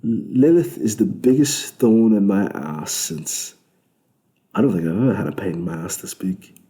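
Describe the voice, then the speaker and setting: A man's voice: fairly low pitch, normal speed, warm tone, close to an everyday voice. A man voicing a suave, sardonic male devil who runs a club, speaking with a British accent in a smug, lecturing way. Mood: irritated.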